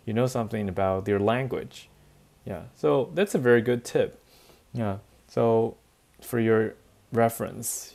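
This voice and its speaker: A man's voice: lowish voice, creaky, darkish tone. Man giving a chatty lesson. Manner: chatty, says "right?" often, laughs lightly. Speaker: English teacher. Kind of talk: relaxed bilingual classroom lecture.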